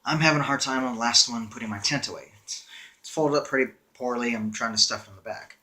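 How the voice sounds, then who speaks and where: Young male vlogger, casual storytime narration, wry and conversational, bright forward voice. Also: mid-range voice, fast. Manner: wry, conversational, with frequent "uh" fillers.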